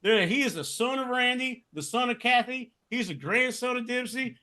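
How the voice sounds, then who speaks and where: High, bright-voiced man ranting. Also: normal speed, few pauses. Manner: profane, heated ranting. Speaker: podcast co-host. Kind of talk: casual chat.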